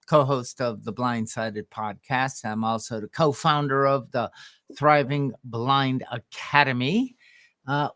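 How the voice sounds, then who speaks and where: A man co-hosting a podcast, telling a story from his coaching work in a casual, halting way with restarts and throat clearing. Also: medium pitch, a bit bright. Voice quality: visually impaired speaker.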